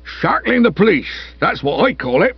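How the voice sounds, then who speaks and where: A man voicing a gruff, morose village constable who grumbles slowly. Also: high-pitched, very animated, no room sound, lo-fi sound, voice pushed up, full character voice. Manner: gruff, sour, slow and grumbling.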